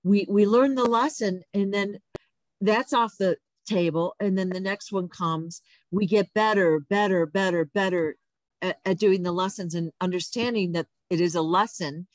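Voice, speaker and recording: A woman's voice: mid-range voice, normal speed, dry recording. A woman hosting a casual spiritual interview, supportive and affirming her guest often. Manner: supportive, frequent affirming backchannels. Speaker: host.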